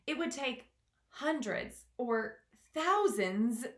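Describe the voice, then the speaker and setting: A woman's voice: on the high side, lively intonation, very slow, fairly bright tone, voice pushed up, exaggerated voice. A woman voicing a doubtful old male grasshopper who questions a plan, in an echoey room.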